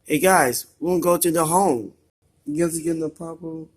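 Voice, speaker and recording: A person narrating toy play-acting in a rambling, halting way. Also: mid-range voice, slightly rough.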